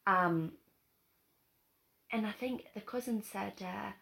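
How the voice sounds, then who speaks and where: A woman's voice: medium pitch, takes it slowly, vocal fry. A young woman with a Geordie accent chats casually on a podcast. She tells her stories with lots of energy and a bit of mimicry. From North East England. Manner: animated storytelling with put-on voices and laughter. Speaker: podcast co-host. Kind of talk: casual chat.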